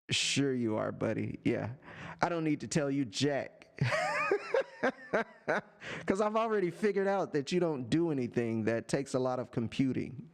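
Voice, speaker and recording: A man live-streaming from a home setup with a desk microphone, talking to a chatter in a sarcastic, teasing rant full of drawn-out taunts. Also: mid-range voice, gravelly. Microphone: desk microphone and headphones.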